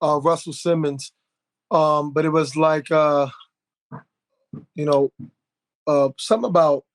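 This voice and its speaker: A man in a casual podcast conversation, telling a story in an animated, indignant way. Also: a little high, unhurried. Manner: animated storyteller, indignant, many fillers and restarts.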